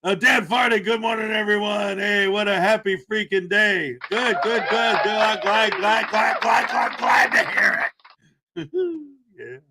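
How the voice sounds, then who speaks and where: Hosting a laid-back morning livestream, this man speaks a little slowly in a high voice. He's jokey and playful, shouting out viewers by name as he greets them.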